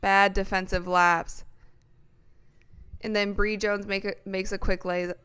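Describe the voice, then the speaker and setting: A young woman hosting a casual watch-party stream, calling plays, reacting excitedly and reading chat aloud. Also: medium pitch, slow, clear, resonant tone. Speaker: livestream host.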